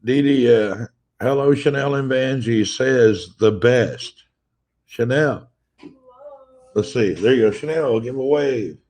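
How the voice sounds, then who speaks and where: A man chats through a phone livestream from his home, his voice sitting at an ordinary middle pitch. He greets viewers one by one and reads their comments aloud. His tone stays loose and playfully teasing. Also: takes it slowly, darkish tone. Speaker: livestream host. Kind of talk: casual live-stream chat. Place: at home with family nearby.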